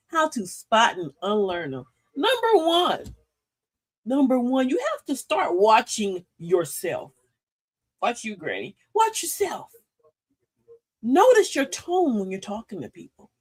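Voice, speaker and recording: Lively older woman hosting a talk. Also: fairly high pitch, husky. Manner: animated, preachy, playful with slang. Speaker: host of a live talk show. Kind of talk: motivational live-stream talk.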